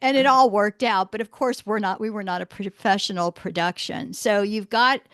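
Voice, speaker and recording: A woman's voice: medium pitch, normal speed, no echo, clean studio sound. A middle-aged woman hosting a podcast interview, telling stories with a lot of laughter and acting out the voices of the people she quotes. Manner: animated storyteller, acts out quoted voices, laughs often. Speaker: podcast host. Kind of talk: casual interview chat.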